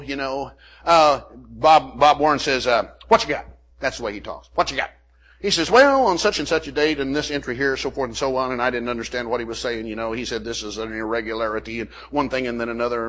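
A man's voice: medium pitch, fairly quick, fairly bright tone. An older man preaching a sermon, telling a folksy personal story full of "amen" and "you know" asides. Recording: muffled lo-fi recording.

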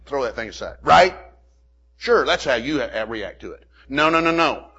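A man's voice: mid-range voice, expressive, normal speed, bright, forceful tone, husky. An older man preaching a sermon, telling a folksy personal story full of "amen" and "you know" asides. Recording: muffled lo-fi recording.

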